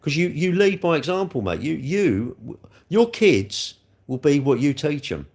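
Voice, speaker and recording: A man's voice: a little high, very animated, unhurried, a little mellow. Chatty man on a live stream. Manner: chatty and rambling, scolding trolls with rising heat. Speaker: livestreamer answering chat comments. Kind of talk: casual live-stream chat.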